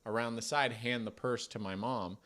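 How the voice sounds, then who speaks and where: A man's voice: mid-range voice, fairly even intonation, moderate pace, fairly bright tone. Self-deprecating young man telling stories. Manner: rambling, self-deprecating, swears casually. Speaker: podcast co-host telling a story. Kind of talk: casual storytelling.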